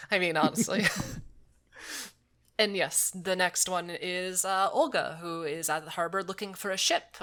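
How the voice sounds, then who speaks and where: A woman's voice: on the low side, measured pace, long pauses, a bit bright. A woman co-hosting a podcast, recapping a game in casual chat, swearing freely and sounding exasperated. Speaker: podcast co-host.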